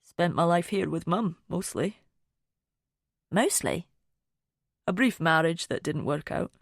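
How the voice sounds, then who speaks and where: Wry Scottish ghost-tour guide voiced by a female narrator; smooth, low and dry-humoured. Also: lively intonation, slow, no echo, heavily acted. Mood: rueful. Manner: dry, gently teasing.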